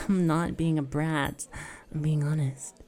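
A young adult woman in a whispered role-play, talking in flustered, breathy whispers and teasing asides. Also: low-pitched, flat delivery, takes it slowly, darkish tone.

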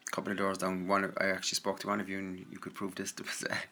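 Rambling Irish man, low and forceful. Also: completely flat delivery, quick pace. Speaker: audio content creator answering listener messages. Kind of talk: casual rambling monologue.

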